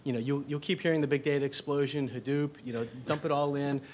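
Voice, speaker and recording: Man on a panel, halting delivery. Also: on the high side, steady tone, a little mellow, a little hiss or hum. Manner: hesitant, many you-knows and restarts. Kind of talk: conference panel talk. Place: conference session room. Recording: faint room ambience.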